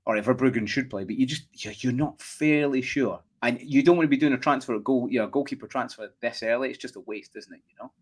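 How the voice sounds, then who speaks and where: A Scottish man hosting a casual football chat, talking in an animated way and often asking "do you know what I mean". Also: mid-range voice, fast talker, few pauses, husky. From Scotland. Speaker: podcast host.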